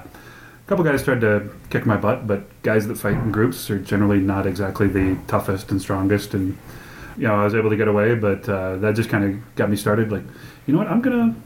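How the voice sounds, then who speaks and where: A man from South Dakota telling a story in casual chat, quick and chatty. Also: on the low side, fairly even intonation. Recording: echoey room, faint ambient noise.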